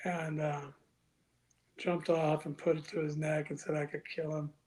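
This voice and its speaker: High-voiced man telling a rowdy story. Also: measured pace. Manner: animated, acts out quoted dialogue with raised voice; crude, profane. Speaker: podcast guest. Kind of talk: casual storytelling.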